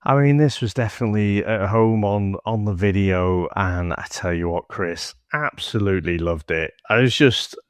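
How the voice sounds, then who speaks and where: A man's voice: lowish voice, moderate pace, hardly any pauses, clear, resonant tone, no room sound, clean studio sound. A man co-hosting a movie podcast, reminiscing with rambling enthusiasm. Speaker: podcast co-host. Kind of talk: casual movie podcast chat.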